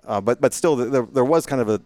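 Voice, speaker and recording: A man's voice: mid-range voice, quick pace, dark tone. A middle-aged man, a retired racing driver, telling stories as a guest in a casual interview, rambling with many fillers and restarts.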